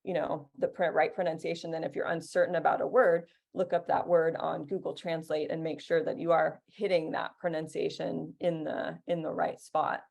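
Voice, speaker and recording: A woman teacher answering interview questions in a relaxed, chatty way. Her voice sits low and has a gravelly edge. She talks with plenty of fillers and restarts. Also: moderate pace, few pauses. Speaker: Italian teacher, guest.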